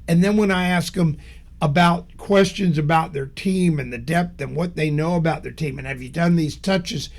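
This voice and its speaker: A man's voice: fairly high pitch, moderate pace. A middle-aged man giving a blunt, emphatic motivational business talk, telling stories from his own work. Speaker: business speaker.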